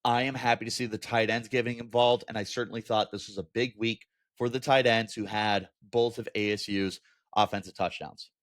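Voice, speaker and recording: A man's voice: on the low side, fairly quick. Candid man breaking down a football loss. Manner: candid, animated, with exasperated asides. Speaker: sports podcast host. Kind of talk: casual sports commentary.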